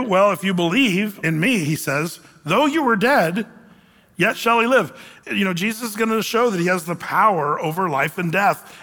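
A man's voice: high-pitched, sharp tone, in a large hall. A man preaching a sermon, reading scripture and explaining it with emphatic, folksy asides. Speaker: pastor.

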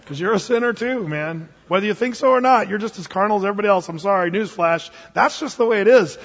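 A man's voice: high voice, fast talker. A male pastor preaching a casual, joking sermon in a church, with sudden emphatic bursts. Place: church sanctuary. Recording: muffled, long reverb in a hall.

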